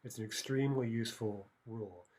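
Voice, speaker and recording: A man's voice: on the low side, a little fast, darkish tone, husky. A man teaching a recorded language lesson, explaining grammar rules step by step and often checking in with "right?".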